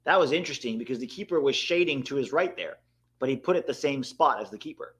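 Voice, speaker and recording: A man at medium pitch hosts a live broadcast of a match viewing. He talks casually and reacts loudly to decisive moments. He keeps addressing the viewers in the chat. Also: fast talker. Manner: excitable, bursts out at big moments, talks to chat. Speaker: host of a live watchalong.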